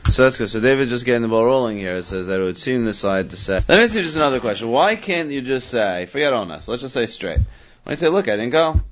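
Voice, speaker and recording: Male Talmud teacher, animated, mid-pitched voice, slightly dull lo-fi recording. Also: quick pace, a little hiss or hum. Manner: animated, questioning, thinks aloud with many restarts. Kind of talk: Talmud study discussion.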